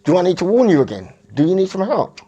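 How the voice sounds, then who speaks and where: A man's voice: sits high, big pitch swings, quick pace, mellow, slightly rough, dull audio, pitched above the performer's own voice, full character voice. A man voicing a medieval English king who bluntly warns and threatens his neighbouring realms. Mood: stern.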